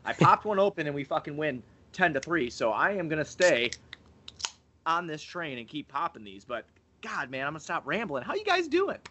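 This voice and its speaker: Brief: giggly, profane male podcast co-host, slightly drunk, sharp bright tone. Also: on the high side, sing-song, normal speed. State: tipsy. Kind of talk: casual sports podcast chat.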